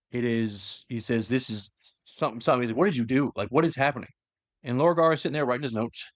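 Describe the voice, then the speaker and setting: A man's voice: medium pitch, no room sound, studio quality. A man casually retelling a long story to a co-host, acting out the lines with lots of fillers. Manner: animated, acts out quotes, frequent fillers. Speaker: podcast host retelling lore.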